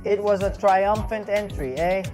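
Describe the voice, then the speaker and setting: Faint music plays behind a show reviewer who talks through an episode in a loose, rambling recap and review, a little slowly and at a middle pitch. Lines often end with "right?" or "bro."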